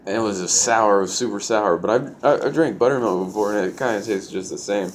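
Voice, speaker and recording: Deep-voiced young man telling a story. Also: fast, slight background noise. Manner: loose, profane, full of "like" fillers. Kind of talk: casual storytelling.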